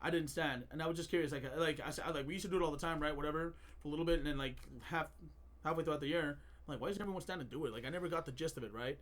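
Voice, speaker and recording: A man's voice: on the high side, steady tone, very fast, fairly bright tone. A man co-hosting a podcast, chatting casually and telling rambling stories with frequent laughter and fillers. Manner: laughs often, rambling storytelling with many fillers. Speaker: podcast co-host. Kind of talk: casual chat.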